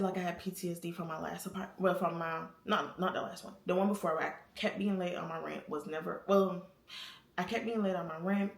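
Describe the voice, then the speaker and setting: A young woman talks to her viewers from her apartment, candid and chatty, laughing often. Her voice is gravelly and sits fairly low. The room around her sounds echoey. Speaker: vlogger. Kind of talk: casual confessional talk to camera.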